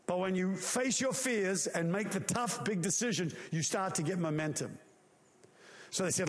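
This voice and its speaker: High-voiced man preaching an animated sermon. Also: moderate pace. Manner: animated storytelling with emphatic rhetorical questions. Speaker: pastor.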